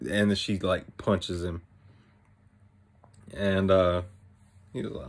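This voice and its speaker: A man's voice: low-pitched, slow. A young man casually recapping an anime episode, rambling with many fillers and restarts.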